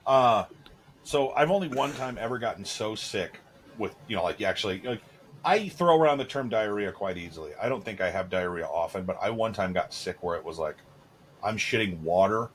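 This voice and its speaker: A man's voice: on the low side, animated, moderate pace, a bit bright, slight background noise. A man in his thirties, co-hosting a podcast, telling crude, candid stories in casual chat with lots of fillers. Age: 30s. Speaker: podcast co-host.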